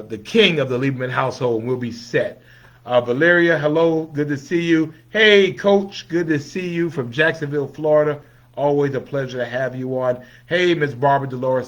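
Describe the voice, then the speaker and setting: A man hosting a casual livestream, greeting viewers one by one in a friendly way and dropping into low, mumbled asides between names. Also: a bit bright, lo-fi sound. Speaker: livestream host.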